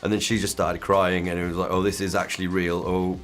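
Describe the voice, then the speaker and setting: A man's voice: low voice, flat delivery, fairly quick, soft background music. A man in an interview telling a story about a fan, incredulous, acting out what each person said. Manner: incredulous, acts out the dialogue. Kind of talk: anecdote told in an interview.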